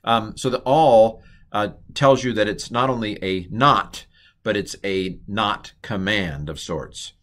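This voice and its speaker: A man's voice: on the low side, takes it slowly, fairly bright tone. A middle-aged man teaching a recorded Hebrew lesson, rambling and correcting himself, quizzing the listener with questions.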